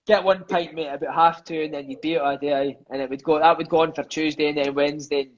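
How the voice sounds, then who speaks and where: A man's voice: on the high side, fairly even intonation, fast talker, dull audio. A Scottish man in his thirties, a podcast guest and former footballer, chatting casually and swearing, sprinkling his stories with "mate" and "aye". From Scotland. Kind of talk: casual storytelling chat.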